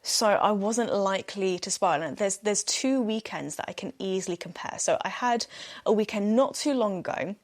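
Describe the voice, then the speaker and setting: Brief: young woman, solo podcast host, chatty, laughs easily, mid pitch. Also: moderate pace. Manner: chatty and giggly, breaks into laughter. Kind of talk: casual solo podcast chat.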